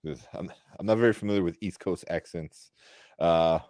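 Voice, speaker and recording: Low and a little mellow, this male co-host talks at a moderate pace on a relaxed live chat show, full of fillers and agreeable asides. It's a dry, studio-quality recording.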